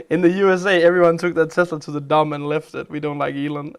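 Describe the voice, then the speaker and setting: A man's voice: on the high side, gravelly, clean tone. A man hosting a game live stream, chatting casually as he plays, with a chatty, rambling manner. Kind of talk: casual live-stream chat while playing games.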